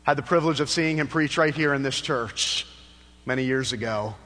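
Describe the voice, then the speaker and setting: A man's voice: mid-range voice, normal speed, a bit bright, big-room sound. A male pastor preaching a sermon in a church, telling a story with passion and building to fervent appeals. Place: church sanctuary.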